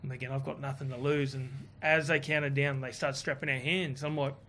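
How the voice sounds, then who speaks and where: A man telling a story in a casual chat, animated and swearing, quoting others in his own voice. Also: mid-range voice, fairly quick, a little hiss or hum. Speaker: guest.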